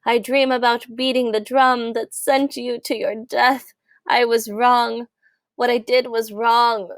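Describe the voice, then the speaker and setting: A woman's voice: fairly high pitch, flat delivery, slow, no room sound, voice pushed up. A woman voicing a remorseful old male father mouse who pleads in a trembling voice. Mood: pleading remorseful.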